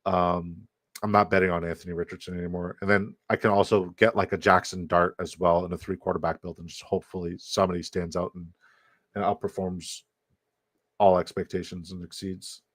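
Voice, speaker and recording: A man's voice: sits low, flat delivery, brisk, dry recording. A young adult man hosting a casual livestream with brash, profane, hype-man energy. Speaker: host.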